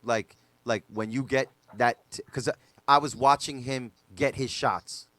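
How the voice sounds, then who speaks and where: A man's voice: medium pitch, steady tone, a little slow, fairly bright tone, dry recording. A man, a DJ guest on a podcast, telling stories casually with loose slang and lots of fillers.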